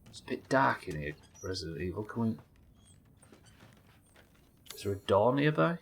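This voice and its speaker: A man's voice: on the low side, sing-song, moderate pace, creaky, breathy edge. A British man commenting on a horror game as he plays it live, musing aloud, reading notes and chatting with viewers. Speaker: streamer.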